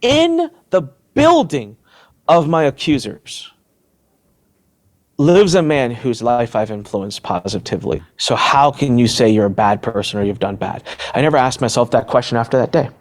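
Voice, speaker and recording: A middle-aged man telling a personal story on a podcast. He talks with energy and slips into the voices of the people he describes. His pitch sits in the middle for a man. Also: expressive, brisk, hardly any pauses. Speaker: interview guest, entrepreneur.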